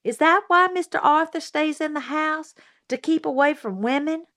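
A woman's voice: high voice, moderate pace, fairly bright tone, no room sound, studio quality, pitched above the performer's own voice. A woman voicing an outspoken young tomboy girl who asks eager, indignant questions.

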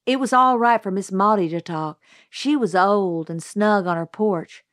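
A woman reading a novel as an audiobook narrator in a steady first-person storytelling way. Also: mid-range voice, unhurried, dry recording, studio quality.

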